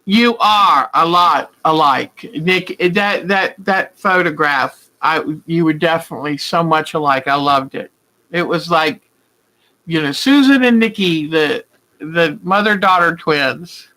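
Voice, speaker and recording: An older woman hosts a quilting video, chatting casually and warm-heartedly with viewers live, greeting them by name and wandering into rambling asides. Her voice is low-pitched and measured in pace, and the recording is rough.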